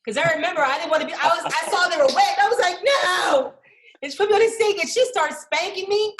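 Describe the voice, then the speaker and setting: A woman's voice: extremely high pitch, very fast, echoey room, heavy background noise. A woman, a comedian guest, telling funny stories in casual podcast chat and acting out voices. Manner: animated, acts out voices in stories.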